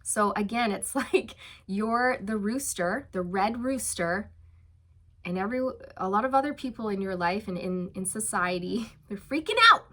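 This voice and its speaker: During a relaxed tarot reading, a woman with a medium-pitched voice chats encouragingly, laughing lightly and leaning on many fillers. She eases her pace whenever she delivers emphatic reassurance.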